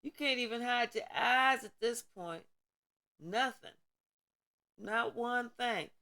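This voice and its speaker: Woman tarot reader, preachy and profane, bright tense tone, drawn-out delivery. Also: on the high side. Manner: emphatic, preachy, repetitive, profane. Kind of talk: tarot reading vlog, spiritual pep talk.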